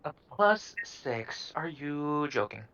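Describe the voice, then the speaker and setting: A man's voice: a little high, big pitch swings, slow pace, pushed and bright, muffled recording. A man player in a tabletop game, joking and groaning at his bad dice rolls. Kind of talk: casual chat at a tabletop game.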